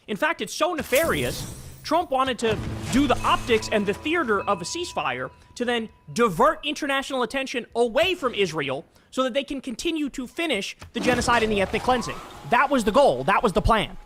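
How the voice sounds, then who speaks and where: A man's voice: extremely high pitch, very animated, fairly quick, fairly bright tone, slight background noise. A man streaming political commentary, reacting to a clip with heated, scornful ranting.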